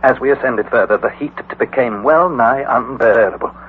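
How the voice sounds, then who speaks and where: An actor playing an excitable young male explorer who also narrates the story, measured in narration and alarmed in the scenes. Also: medium pitch, natural voice. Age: young adult. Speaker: narrator and nephew. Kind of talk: 1940s radio acting. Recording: tinny old radio broadcast, faint hiss.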